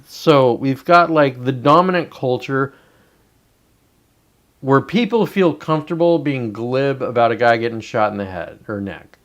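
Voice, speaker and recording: A man hosting his own show, ranting casually in a profane, sarcastic and annoyed way, with muttered asides. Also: medium pitch. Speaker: host.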